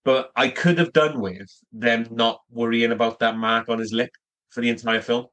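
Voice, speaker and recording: A man's voice: medium pitch, fairly even intonation, normal speed, a bit bright. A man co-hosting a podcast, rambling casually and searching for words as he talks films. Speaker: podcast co-host. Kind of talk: casual film discussion.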